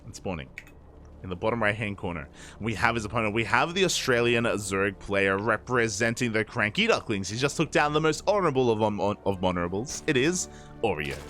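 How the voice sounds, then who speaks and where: A man casting a live game with a lowish, easygoing voice, quick to joke and laugh as he calls the action and chats with viewers. Soft music runs quietly under his commentary. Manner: lively and joking, laughs often, talks to the chat. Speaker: esports caster.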